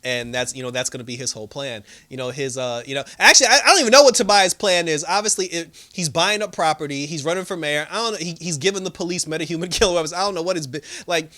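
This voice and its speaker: A man with a bright, forceful voice pitched a little high, recapping a TV episode in a loose, casual way. He talks animatedly, full of fillers and laughter. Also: animated, fast, few pauses. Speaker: show reviewer.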